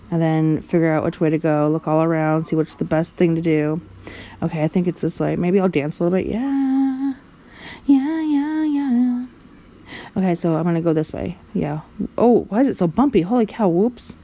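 A woman's voice: fairly low pitch, warm tone. A woman vlogger giving goofy, sing-song commentary while playing a driving game. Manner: silly, giggly, sing-song rambling.

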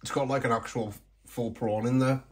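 Throat-clearing man tasting food. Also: medium pitch, normal speed. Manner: keeps clearing his throat; relaxed, chatty and self-mocking. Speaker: food vlogger. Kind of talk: casual taste-test commentary.

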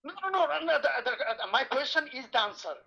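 A man calling into a heated debate livestream, insistent and halting, repeating himself as he tries to make his point. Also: extremely high pitch, lively intonation, vocal fry, bright, forceful tone. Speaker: caller.

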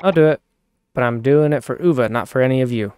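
A man voicing a sulky, sharp-tongued young woman in a video game, snippy and exasperated. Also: mid-range voice, fast talker, clear, resonant tone, soft background music, natural voice.

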